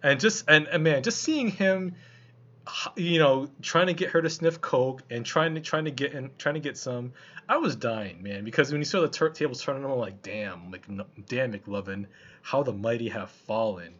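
Husky-voiced man casually reviewing a film. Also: a little high, expressive, normal speed, fairly bright tone. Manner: loose and colloquial, lots of restarts and fillers. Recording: slightly muffled lo-fi recording.

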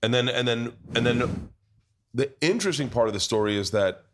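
A man's voice: medium pitch, fairly quick, a bit bright. A man hosting a podcast in a pub, telling a rowdy story full of swearing in casual chat. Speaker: podcast host.

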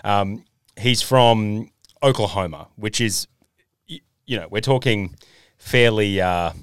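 An Australian man co-hosting a casual podcast, telling stories and doing quick impressions of people he quotes. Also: on the low side, clean tone, no echo, clean studio sound. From North Queensland, Australia. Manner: storytelling, animated impressions of others. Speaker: podcast co-host. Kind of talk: casual chat.

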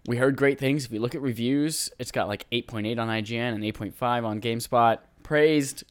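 Male podcast host, jokey, playful, rambling, casual chat, mid pitch. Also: fairly quick.

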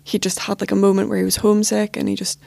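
A young woman recounting her own story in a casual, chatty way, her speech dotted with fillers. Her mid-pitched voice has a gravelly fry running through it. She sounds close and dry, with no room around her. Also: little pitch movement, fast, warm tone, no echo. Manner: casual, frequent filler words. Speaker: podcast guest. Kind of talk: personal storytelling.

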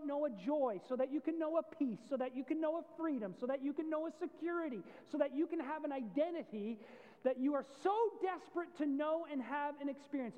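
A preacher voicing an impassioned, pleading Jesus. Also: male voice, extremely high pitch, big-room sound, narrow, tinny audio, pitched above the performer's own voice. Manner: earnest, rising, impassioned first-person plea. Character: Jesus, adult man, pleading and loving. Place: church.

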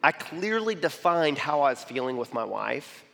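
A man giving a sermon-style talk with personal stories, animated, often asking "okay?" and restarting his sentences. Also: a little high, moderate pace, creaky, in a large hall. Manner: animated, repeats "okay?" and "I mean", frequent restarts.

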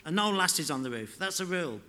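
A man's voice: high-pitched, lively intonation, a little fast, sharp tone. A man reading the part of a cocky, stoned teenage boy who boasts in a swaggering, sweary way.

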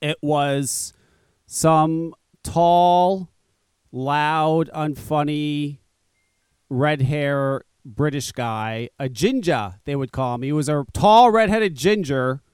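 A man's voice: a little high, slow, darkish tone, smooth, no room sound, clean studio sound. A man hosting a talk radio show, chatting casually in a rambling, profane way and laughing often.

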